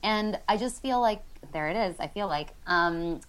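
A woman's voice: medium pitch, lively intonation, normal speed, smooth, low-quality recording. A woman co-hosting a podcast, talking casually with lots of fillers and restarts. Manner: rambling, filler-heavy. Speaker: podcast co-host. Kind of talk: casual discussion.

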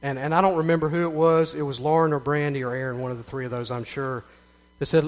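A man's voice: mid-range voice, steady tone, fast. A middle-aged man with a Southern American accent gives an earnest, folksy spoken testimony to a gathering, with repeated phrases that build up into emphatic runs. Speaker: speaker giving a testimony.

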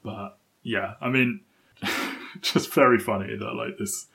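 A man talks through a film on his podcast, rambling and chatty, with frequent laughs. His voice sits on the low side. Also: fairly even intonation, slow, creaky, bright, forceful tone. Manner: chatty, laughs often, many fillers. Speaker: podcast co-host. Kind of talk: casual film discussion.

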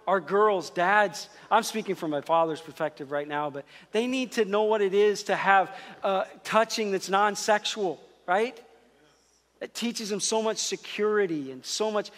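A middle-aged man preaching a sermon, emphatic and repetitive, sometimes dropping to a hush, then leading a closing prayer. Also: sits high, long reverb tail. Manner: emphatic, repeats phrases, rising and dropping to near whisper. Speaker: pastor.

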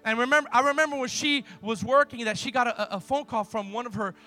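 A man preaching a sermon, telling stories emphatically, swinging from loud to hushed. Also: very high voice, fast, soft background music.

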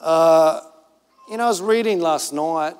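A man with an Australian accent, preaching a sermon as pastor, telling stories in an animated way and acting out other voices. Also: a little high, unhurried, clean tone. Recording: reverberant church hall.

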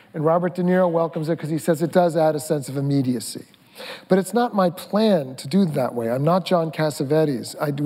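A middle-aged man with a slightly raised pitch tells behind-the-scenes stories at length, restarting sentences as he goes. He is heard on a stage with a long hall reverb. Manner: rambling, animated storytelling with many restarts. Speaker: film director, panel guest. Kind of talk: onstage conversation.

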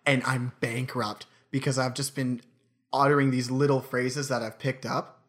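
A man's voice: mid-range voice, little pitch movement, normal speed, fairly bright tone. A man co-hosting a casual comedy podcast, telling stories with a playful manner and slipping into put-on accents. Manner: storytelling, playful, puts on accents. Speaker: podcast co-host.

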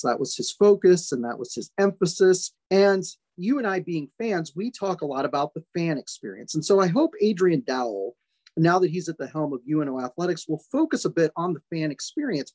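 A man hosting a podcast, making his points in a measured, deliberate way and stressing his caveats. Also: on the high side, a little mellow, no room sound. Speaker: podcast host. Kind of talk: casual sports chat.

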